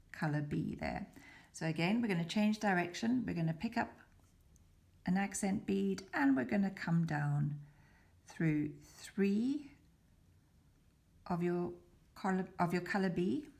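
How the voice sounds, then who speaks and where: During a step-by-step beading lesson, a woman with a low, darkish voice and vocal fry talks at a measured pace with long pauses. She remains patient and methodical, sometimes sinking into a whisper as she concentrates.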